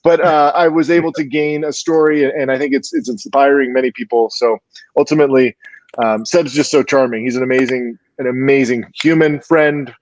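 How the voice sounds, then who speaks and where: A man, a filmmaker appearing as a guest, telling an animated, chatty story with lots of restarts. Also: medium pitch, a little fast, low-quality recording. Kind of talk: storytelling in an interview.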